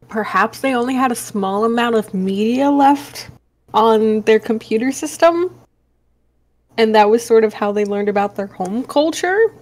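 A woman's voice: on the high side, a little mellow. A woman playing a tabletop role-playing game, chatty and playful. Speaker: player.

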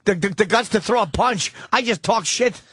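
Male radio host, crude jokes, fairly high voice, dry close mic. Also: moderate pace, a bit bright, husky, dry recording. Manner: crude, joking. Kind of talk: casual radio banter.

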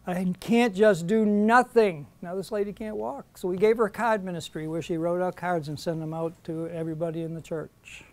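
A man's voice: high-pitched, steady tone, fairly quick, hardly any pauses, darkish tone. A middle-aged man giving a Bible study lecture, earnest and emphatic when he reads out verses. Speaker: Bible teacher.

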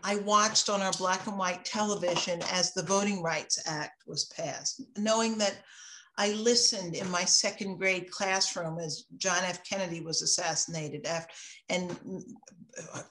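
A woman in her sixties, an author speaking in an interview, impassioned and reflective, moving between emphatic and hushed moments. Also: on the low side, fairly even intonation, unhurried, slight background noise. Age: 60s. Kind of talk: interview conversation.

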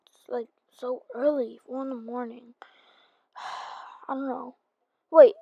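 High-voiced woman narrating game role-play. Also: slow, pauses often, darkish tone, dry recording, muffled recording.

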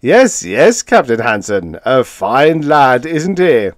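A man voicing a fatuous, doting old rich man who speaks slowly and gushes. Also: mid-range voice, big pitch swings, no echo, studio quality, voice pushed up.

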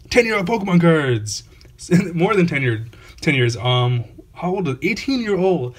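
A man hosting his own channel, giving casual unboxing commentary, awestruck and repeating exclamations over and over. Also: medium pitch. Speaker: channel host opening trading card packs.

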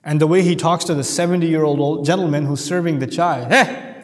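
A man's voice: a little high, fairly even intonation, fast talker, a little mellow, big-room sound. A man giving a Quran commentary lecture, earnest and emphatic, often repeating key phrases. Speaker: Quran teacher.

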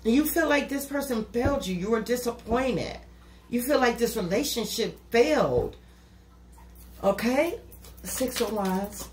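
A woman's voice: fairly high pitch, unhurried. A woman giving a casual tarot reading to camera, talking bluntly and with plenty of swearing, often saying "you know". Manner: blunt, profane and talkative, with repeated "you know". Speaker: tarot reader. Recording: echoey room with steady noise.

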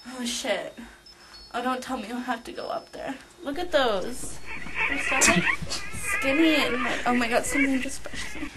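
A woman's voice: on the high side, normal speed. A young woman in a comedy ghost-hunt spoof, talking while frightened, swearing and laughing nervously. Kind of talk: panicked handheld walkthrough. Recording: noisy camcorder audio from a distance.

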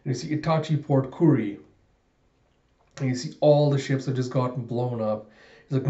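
A man's voice: mid-range voice, normal speed, pauses often, dark tone. Rambling man recapping a comic. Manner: loose, rambling narration with many fillers. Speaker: manga reviewer. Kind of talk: casual comic chapter recap. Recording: roomy, dull lo-fi sound.

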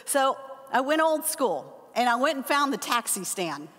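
An older woman teaching a Bible lesson, telling a personal story with animated acted-out quotes. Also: sits high, a little slow. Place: church hall. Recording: long hall reverb.

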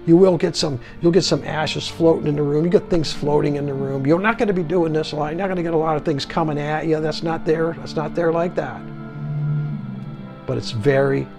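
A middle-aged man with a gravelly, creaky voice reviews a film from his home theater. His talk is eager and repetitive, hammering the same praise again and again. Faint music plays behind him. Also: medium pitch, darkish tone. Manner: enthusiastic and repetitive, stressing words. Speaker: movie reviewer. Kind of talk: casual home video review.

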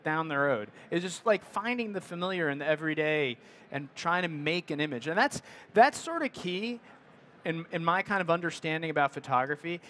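A man's voice: fairly high pitch, fairly bright tone, slight background noise. A middle-aged man giving a casual presentation on photography, rambling with many fillers and restarts. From United States. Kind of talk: casual talk to an audience.

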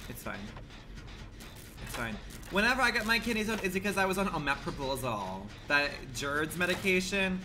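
A man streaming a game live, commenting in a campy, profane way and swinging from low murmurs to shrill outbursts. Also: very animated, moderate pace, background noise.

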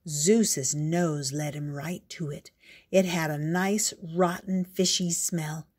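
A woman reading a picture book aloud in a gentle, unhurried storyteller's way. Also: deep voice, steady tone, husky.

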